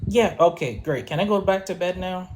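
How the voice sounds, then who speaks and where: A man's voice: high voice, normal speed, a little hiss or hum. A man on a live panel, defending himself in an exasperated way with casual slang. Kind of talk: heated live panel argument.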